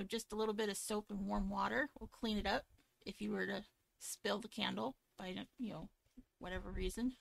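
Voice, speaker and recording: A woman's voice: medium pitch, creaky, a bit bright, no echo. A woman co-hosting a podcast, chatting casually, laughing often and reading sponsor copy with some stumbles. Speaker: podcast co-host. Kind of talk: casual chat with a read sponsor ad.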